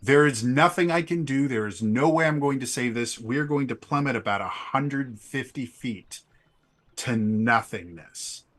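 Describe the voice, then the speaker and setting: A man narrates a tabletop game as its game master, pitching his voice at a middling level. He tells the story dramatically but haltingly, restarting his sentences and filling the gaps with fillers. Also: fairly bright tone.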